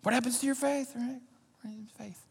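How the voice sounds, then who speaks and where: A man's voice: very high voice, steady tone, normal speed, gravelly, husky, in a large hall. A man preaching a sermon as a pastor, talking conversationally with repetitions and asides to the congregation. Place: church sanctuary.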